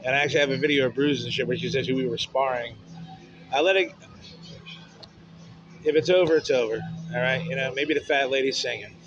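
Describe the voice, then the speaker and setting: A man's voice: mid-range voice, a little fast, long pauses, lo-fi sound, over music. A man ranting bluntly and profanely in a rambling personal vent to camera. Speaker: vlogger.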